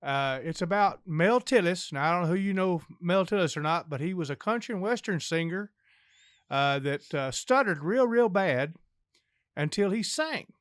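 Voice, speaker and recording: A man's voice: sits high, animated, moderate pace, dry recording, clean studio sound. Older man telling folksy jokes. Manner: rambling, folksy storyteller. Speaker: podcast guest.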